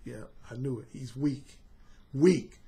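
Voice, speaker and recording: A man voicing a smooth, sly male serpent who tempts with a low, hushed, coaxing murmur. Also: slow pace.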